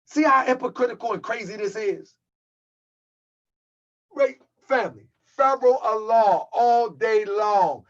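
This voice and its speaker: A man's voice: sits high, unhurried, dull audio. Heated mocking man on a livestream. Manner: heated, mocking, addresses viewers as family. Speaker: channel host. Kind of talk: livestream rant.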